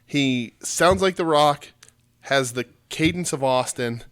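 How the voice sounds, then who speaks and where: A man's voice: medium pitch, slow pace, fairly bright tone. A man co-hosting a podcast, chatting casually and joking about wrestling, rambling and swearing freely. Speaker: podcast co-host.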